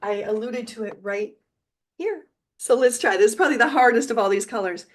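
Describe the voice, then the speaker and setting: A middle-aged woman teaching a video lesson, encouraging and repeating words slowly for learners, now and then singing along. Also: on the high side, animated. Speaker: Spanish teacher.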